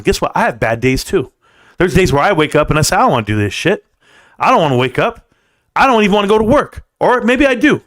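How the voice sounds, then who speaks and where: A male host speaks quickly to his live-stream audience in an emphatic, motivational tone. His voice sits a little high, and he hammers home points by repeating them. He talks directly to his viewers throughout.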